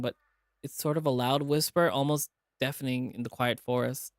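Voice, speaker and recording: A man's voice: mid-range voice, normal speed, dry recording, clean studio sound. A man streaming as he reads a visual novel aloud and voices its characters in a dramatic way. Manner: dramatic reading, animated asides.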